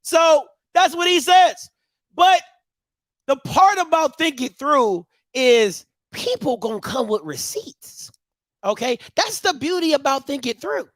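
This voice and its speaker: A man hosting a show in casual commentary, animated and full of repeated catchphrases. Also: very high voice, unhurried, no room sound. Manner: animated, repeats catchphrases, bursts into loud laughter. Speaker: show host.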